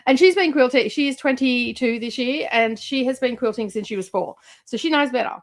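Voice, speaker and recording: A woman's voice: sits high, fairly quick. A middle-aged woman, chatting casually as host of a livestream, rambling with lots of fillers and laughs.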